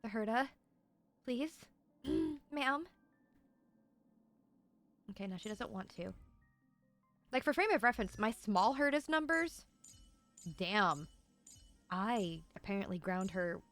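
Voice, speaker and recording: A young woman streaming a video game, gushing and excitable, swearing as she reacts. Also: medium pitch, unhurried, pauses often, no echo, soft background music. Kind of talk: casual live-stream commentary.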